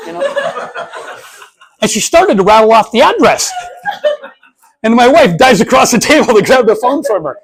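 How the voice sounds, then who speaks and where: A man giving a motivational talk to a live audience, an animated storyteller who acts out voices in his anecdotes. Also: extremely high pitch, moderate pace, long pauses, breathy edge. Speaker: speaker.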